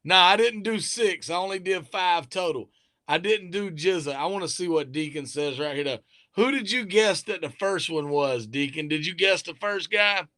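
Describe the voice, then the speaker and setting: A man with a high, bright, ringing voice talks eagerly in a relaxed interview. He is a rapper explaining his own work, rambling and trailing off as he hunts for words. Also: moderate pace. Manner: eager, talkative, trails off mid-thought. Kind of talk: casual chat.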